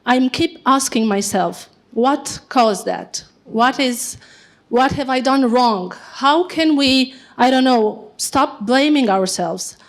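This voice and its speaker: Emotional woman asking a halting question. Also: sits high. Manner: emotional, halting, searching for words. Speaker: audience member asking a question. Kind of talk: audience question at a conference.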